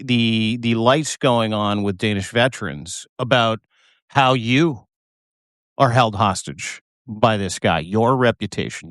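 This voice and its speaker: A man in a live video conversation, talking haltingly with ums and restarts. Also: medium pitch, fairly bright tone, no room sound, studio quality. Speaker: podcast participant.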